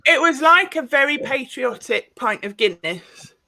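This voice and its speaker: A woman's voice: high voice, expressive, measured pace, creaky, crowd noise. A woman performing a self-deprecating stand-up comedy set on a stage microphone, landing punchlines. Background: audience laughter.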